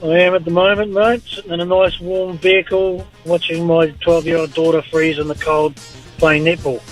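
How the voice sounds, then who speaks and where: A New man calls in to a radio show, answering in a relaxed, laconic way. His voice sits a little high for a man. Faint music plays behind him. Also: moderate pace, low-quality recording. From New Zealand. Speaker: caller. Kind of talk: phone-in chat.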